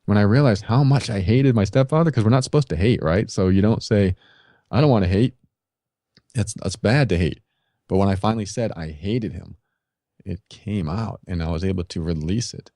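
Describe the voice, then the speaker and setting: Earnest middle-aged man, low mellow voice. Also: brisk, no room sound, studio quality. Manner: earnest, confessional, advice-giving. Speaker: podcast guest. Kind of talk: candid personal storytelling. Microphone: podcast microphone.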